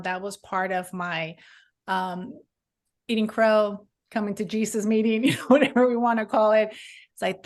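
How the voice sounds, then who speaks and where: A middle-aged woman from Southern California, an author telling her personal faith story in an interview, earnest and rambling, with many restarts. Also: medium pitch. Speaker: author guest.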